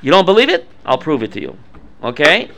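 A man teaching a Bible class, quizzing his students with questions in an animated way. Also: on the high side, a little fast, noisy background. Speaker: Torah teacher.

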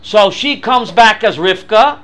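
Male Torah teacher, high and bright, lively questioning style. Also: a little slow. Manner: animated, quizzing students with questions. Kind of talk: classroom Bible lesson.

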